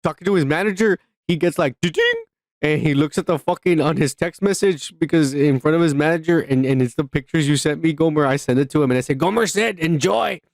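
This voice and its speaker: A man co-hosting a podcast, talking in loud, profane, excitable banter and teasing his co-host. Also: a little high, fast talker, hardly any pauses, no room sound, clean studio sound. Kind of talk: crude comedic banter.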